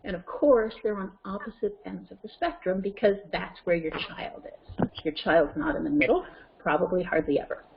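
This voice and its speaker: A woman's voice: fairly low pitch, moderate pace, gravelly, noisy background. Chatty woman coaching parents on a muffled call. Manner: conversational, checks in with "okay?" and "right?". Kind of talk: webinar teaching. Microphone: conference call line. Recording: muffled web call audio.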